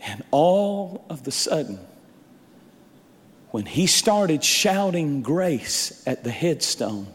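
A male pastor preaching a sermon, emphatic and repetitive, building up to shouts. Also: fairly high pitch, big pitch swings, slow, breathy edge, long reverb tail.

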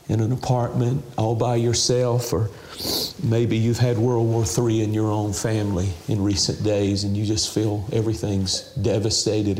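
A man's voice: lowish voice, dark tone, slight background noise. Tearful man preaching in a roomy house. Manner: emotional, tearful preaching with slow prayer lines. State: crying. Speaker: television minister. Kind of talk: televangelist interview and altar call.

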